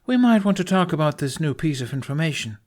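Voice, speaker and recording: A man reading an audiobook voices a blunt young woman warrior, pitching above his own voice yet staying close to an everyday speaking voice. His mid-range delivery has big pitch swings at a moderate pace, and the character sounds dry and unamused.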